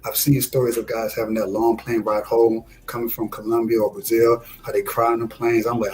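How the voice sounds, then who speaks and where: Dude from detroit telling a story, lively, acts out the quotes. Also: male voice, a little fast, rough recording. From Detroit, USA. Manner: animated, acts out quotes with rising pitch. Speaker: discussion guest. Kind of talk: casual storytelling chat.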